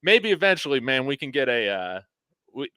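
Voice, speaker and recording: A man guesting on a casual sports talk show, easygoing, with quick laughs between points. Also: mid-range voice, sing-song, bright, forceful tone, no room sound.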